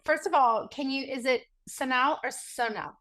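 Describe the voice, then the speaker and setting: A woman's voice: high-pitched, a little fast, fairly bright tone. A woman co-hosting a podcast, introducing and encouraging her guest in an easy conversational manner. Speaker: podcast co-host. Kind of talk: conversational interview.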